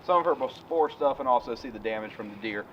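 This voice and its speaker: A man with a Virginian accent hosting a casual outdoor interview, talking quickly. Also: mid-range voice, lively intonation. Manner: quick, brief affirmations. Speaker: interviewer, host. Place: outdoors at a car show. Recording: distant mic, dull sound, faint noise.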